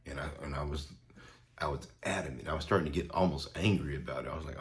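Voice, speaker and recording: In an extremely low voice and at a moderate pace, a storyteller gives a personal testimony about his faith. He speaks earnestly, with repetitions, restarts, and filler words.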